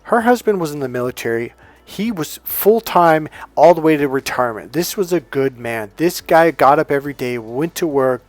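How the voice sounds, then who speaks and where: Animated man telling a story. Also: fairly high pitch, dry recording. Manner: animated, mimics voices in quoted dialogue, laughs often. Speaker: dating coach. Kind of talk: casual storytelling monologue.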